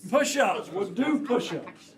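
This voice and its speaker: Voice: mid-range voice, big pitch swings, slow pace, crowd noise. A host running a live improv show, chatty and coaxing suggestions from the audience. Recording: live room with loud audience.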